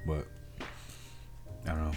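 A man's voice: slow, faint music behind. A man, the chef guest, talking casually and joking about his cooking on a podcast. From Puerto Rican family. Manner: relaxed, joking, talks with mouth full.

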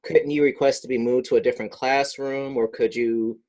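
A man's voice: mid-range voice, fairly even intonation, moderate pace, darkish tone. A man on a podcast asking an earnest question in casual chat, restarting his phrases as he goes. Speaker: podcast co-host.

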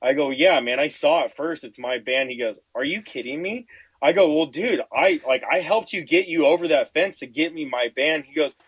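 A man on a podcast telling a rambling, profane story in casual chat, animated and acting out the quotes. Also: on the high side, moderate pace, breathy edge, no echo, lo-fi sound. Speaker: podcast guest.

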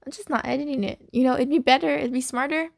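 A woman's voice: high voice, steady tone, fast talker, gravelly, no room sound, studio quality. A young woman hosting her own unedited podcast, chatting in a scatterbrained, apologetic way. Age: young adult. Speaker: podcast host. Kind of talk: casual unedited podcast chat.

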